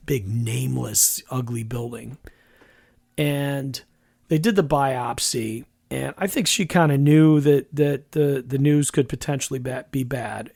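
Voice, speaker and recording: A man's voice: medium pitch, gravelly, no echo, studio quality. A middle-aged man, telling a personal story as a podcast host, frank and conversational with many restarts.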